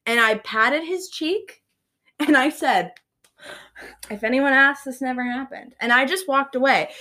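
A woman's voice: high-pitched, unhurried. Chatty young woman telling a story. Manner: animated, laughs often, many "like" fillers. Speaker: podcast co-host. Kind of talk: casual storytelling chat.

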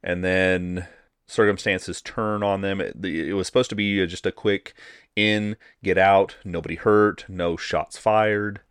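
Deep-voiced man reviewing a movie. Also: unhurried, clean tone, dry recording, studio quality. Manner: relaxed, repeats words while thinking. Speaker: podcast co-host. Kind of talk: casual movie review chat.

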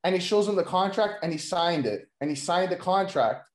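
A man with a fairly high voice rambles through a casual chat, leaning on filler words and swearing freely. He is recorded in a roomy space with a noticeable echo. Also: expressive, moderate pace. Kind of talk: casual chat pitching wrestling storylines.

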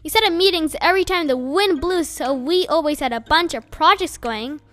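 A woman with a high, slightly bright voice reads an audiobook at normal speed, with no room sound behind her. She voices a furious teenage boy who rages at his friend, sputtering out accusations.

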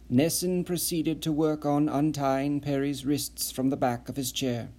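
A man reading an unabridged audiobook novel, narrating in a measured, even way. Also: a little high. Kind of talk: scripted narration.

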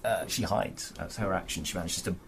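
Deep-voiced man running a tabletop game. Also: brisk. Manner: relaxed, rambling narration with many fillers. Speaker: game master. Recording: noisy background.

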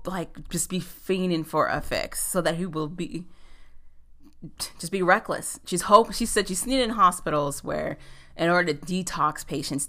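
A woman casually recapping a TV episode in a chatty, animated way, swearing and laughing often. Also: fairly low pitch. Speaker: show recapper.

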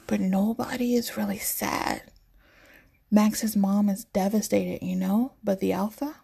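A woman reading a novel aloud, voicing the characters' lines softly and often near a whisper. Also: medium pitch, fairly even intonation, measured pace, gravelly, breathy edge. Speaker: narrator.

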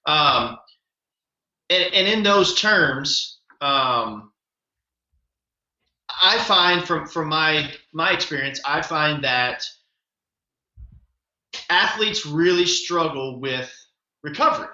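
Bright enthusiastic podcast host, echoey. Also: male voice, a little high, slow pace, pauses often. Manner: enthusiastic, rambling, animated storytelling. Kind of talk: casual podcast chat. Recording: echoey lo-fi room.

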